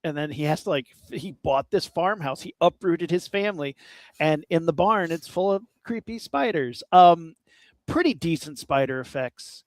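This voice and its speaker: Podcast co-host, male, higher-pitched, rambling and jokey, dry close mic. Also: dry recording. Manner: rambling, animated, quick to joke. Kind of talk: casual movie chat.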